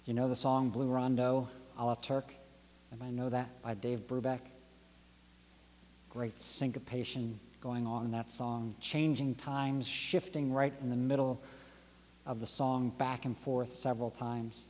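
A pastor delivering a sermon with rhythmic, dynamic preaching that swings from near-whisper drops to rising emphatic peaks. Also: male voice, mid-range voice, flat delivery, unhurried, a little mellow, in a large hall. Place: church sanctuary.

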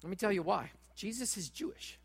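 A pastor preaching a sermon in a church, talking straight at the congregation in a dramatic way. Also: male voice, high-pitched, very animated, fairly quick, creaky, slightly rough, in a large hall. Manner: dramatic, direct, acts out quoted voices.

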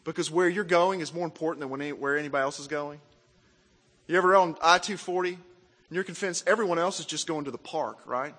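A man from Arkansas, preaching a sermon in an animated, self-mocking way and asking the crowd questions. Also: on the high side, quick pace, long reverb tail. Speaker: pastor.

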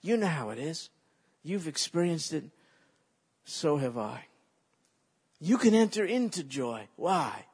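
Husky-voiced male preacher, exhorting. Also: fairly high pitch, big pitch swings, slow pace, long pauses, darkish tone. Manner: leads the audience in call-and-response repetition; emphatic, exhorting delivery. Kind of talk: sermon.

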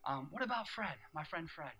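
A man preaching a sermon with passion, swinging from loud exhortation to hushed storytelling. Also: fairly high pitch, expressive, moderate pace, poor audio. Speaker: pastor.

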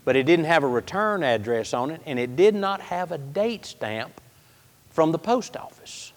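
A man preaching a sermon through a personal story, folksy and animated, moving between loud outbursts and hushed lines. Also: fairly high pitch, moderate pace. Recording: hall reverb.

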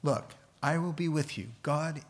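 A man's voice: a little high, measured pace. A man preaching a Bible sermon in a conversational way, with joking asides. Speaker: pastor.

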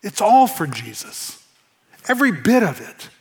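A man preaching a sermon to his congregation in church, earnest, repeating phrases for emphasis and dropping to a soft hush. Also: high-pitched, very animated, a little slow. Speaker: pastor.

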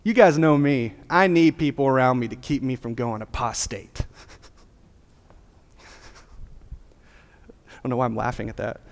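A man's voice: medium pitch, measured pace, vocal fry, pauses often. Casual preacher man in a reverberant hall. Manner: casual, joking, conversational preaching. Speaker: pastor. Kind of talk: sermon.

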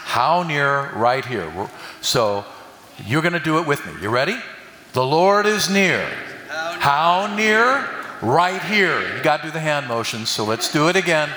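An older male preacher with a medium-pitched, pushed, bright voice delivers a folksy sermon in a church hall, mixing in jokes and call-and-response with the congregation. The recording is distant and echoey, with slight hiss or hum.

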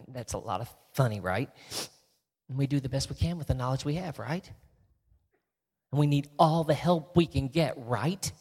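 Husky man speaking in a reverberant hall. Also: mid-range voice, takes it slowly, pauses often. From Texas. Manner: shifts from lively storytelling to soft emotional whispers. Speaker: guest speaker, ventriloquist. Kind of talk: inspirational storytelling talk.

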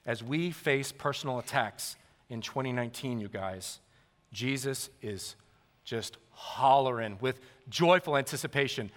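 A man in his thirties preaching a sermon as pastor, telling stories to a congregation in a lively, animated way. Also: medium pitch, unhurried. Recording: long reverb of a large hall.

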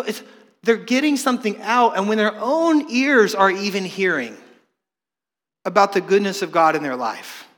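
Animated bright-voiced male pastor. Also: high voice. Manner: animated, joking with the congregation. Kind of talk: sermon. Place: church hall. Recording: long reverb of a church hall.

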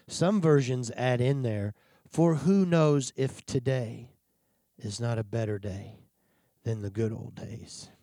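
A man's voice: medium pitch, warm tone, dry recording, studio quality. Earnest man preaching a confessional sermon. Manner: earnest, confessional, pauses and sighs between thoughts.

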